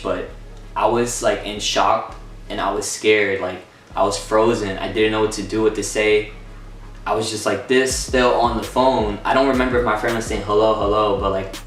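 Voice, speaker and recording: A young man telling a personal story in a casual storytime vlog, excited, swearing and acting out what people said. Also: on the low side. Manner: excited, swearing, acts out quotes. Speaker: vlogger. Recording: roomy echo from far off.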